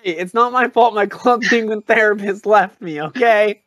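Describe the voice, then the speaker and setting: A man co-hosting a goofy podcast, his voice pitched high for a man. He talks in an exaggerated way, spinning absurd, over-the-top jokes. The sound is close and dry. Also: moderate pace, fairly bright tone, no echo. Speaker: podcast co-host. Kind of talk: goofy comedic podcast banter.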